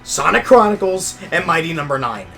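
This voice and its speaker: A man's voice: on the high side, very animated, moderate pace, vocal fry, a bit bright. A young man hosting a casual gaming podcast, ranting emotionally and swearing often. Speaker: podcast host. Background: music.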